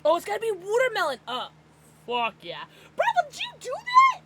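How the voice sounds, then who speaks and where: An American woman livestreaming, chatting casually with her viewers in an excitable, bubbly way. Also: extremely high pitch, brisk, heavy background noise. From United States. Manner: excitable, bubbly, gasps and laughs often.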